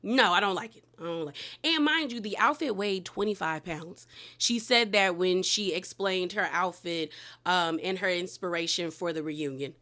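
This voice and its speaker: A woman's voice: on the low side, moderate pace, sharp tone. A woman hosting a casual reality TV recap, talking straight to viewers in a sassy, candid manner.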